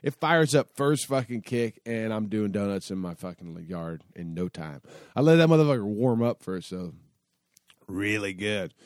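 A man's voice: lowish voice, animated, moderate pace, darkish tone, dry recording. A man telling a long casual story in a rambling, profane way, full of fillers and restarts. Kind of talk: casual spoken anecdote.

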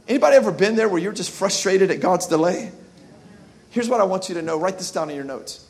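A man's voice: high-pitched, lively intonation, fast. A male pastor giving an impassioned sermon, calling out to the congregation to repeat words and answer back. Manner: impassioned preaching with call-and-response.

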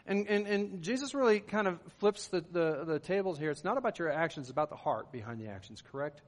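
A man's voice: fairly high pitch, expressive, fast talker, in a large hall. A middle-aged man, a pastor, preaching a sermon in an earnest, conversational way, with rising emphatic bursts.

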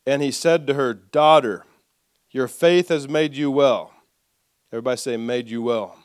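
A man preaching a sermon, reading scripture aloud and leading the congregation in call-and-response, with soft asides. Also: medium pitch, normal speed, clear, resonant tone, no echo, clean studio sound. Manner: lively, drops soft for asides. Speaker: pastor.

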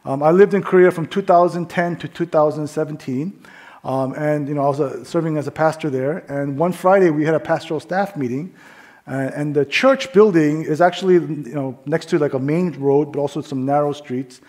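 A man's voice: a little high, normal speed. A male pastor preaching a sermon in a casual, conversational way, with many fillers, telling a story and acting out the voices in it. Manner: drops to a soft hush in prayer.

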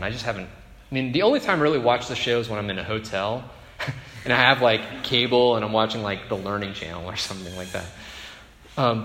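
A male pastor preaching a sermon in a relaxed, conversational way, often checking in with the congregation by asking "right?". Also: medium pitch. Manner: conversational, frequent "right?" tag questions. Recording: echoey hall with long reverb.

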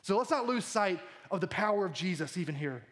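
A man in his thirties preaching a sermon, animated and jokey, acting out the lines he quotes. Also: high voice, brisk. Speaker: pastor.

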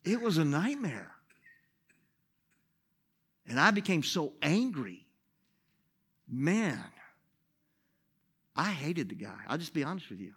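Man pastor, bright and fairly high voice, preaching a story that rises to loud bursts then drops to near hush. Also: takes it slowly, pauses often, slightly rough. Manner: animated storytelling, swinging from loud to hushed. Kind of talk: sermon testimony.

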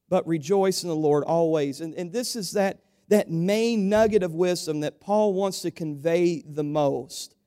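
A man's voice: a little high, measured pace, hardly any pauses, dark tone, clean tone. A man preaching a sermon to his church, building to emphatic, repeated exhortations and calling his listeners "church".

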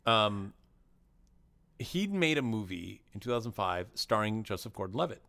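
A man's voice: fairly low pitch, sing-song, moderate pace, creaky, sharp tone. A man co-hosting a podcast, chatting casually about movies in a rambling way, full of restarts and crude jokes. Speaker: podcast co-host.

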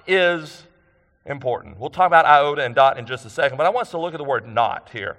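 A man's voice: medium pitch, lively intonation, brisk, a bit bright, long reverb tail. A man preaching a sermon in a conversational way, asking the congregation questions and repeating phrases for emphasis. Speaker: pastor.

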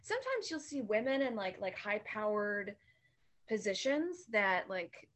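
A woman's voice: medium pitch, big pitch swings, measured pace, fairly bright tone. A woman who works as a bartender, chatting casually as a podcast guest, telling stories candidly and laughing often.

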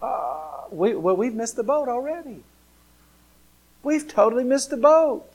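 A man, a pastor, delivering an earnest sermon straight to his listeners, shifting from hushed, slow lines to loud, excited ones. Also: extremely high pitch. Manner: dramatic preaching, swinging from hushed to loud; earnest and direct, addressing listeners.

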